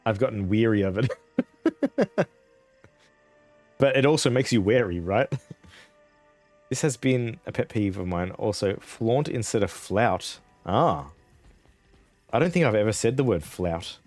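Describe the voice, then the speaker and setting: A man's voice: on the low side, expressive, measured pace, long pauses, a little mellow, dry recording, soft background music. An Australian man chatting casually on a game stream, rambling, chuckling often and swearing offhandedly. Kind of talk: casual live-stream chat.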